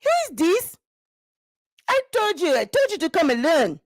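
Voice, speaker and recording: A woman's voice: extremely high pitch, wildly swooping pitch, a little slow, dry recording, full character voice. A woman voicing a fierce, protective older village mother who keeps demanding to know who has come. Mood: suspicious. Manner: suspicious, demanding, repeating herself.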